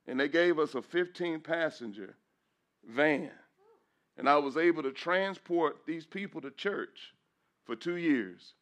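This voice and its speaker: A man's voice: a little high, lively intonation, a little slow, fairly bright tone. A middle-aged man, a pastor, giving an emotional testimony in church, preaching with repeated phrases and rising into praise. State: emotional, voice breaking at times.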